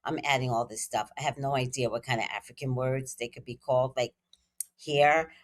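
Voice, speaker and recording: A woman's voice: very deep voice, steady tone, a little fast. A woman tarot reader giving casual gossip commentary, speculating and talking straight to her viewers.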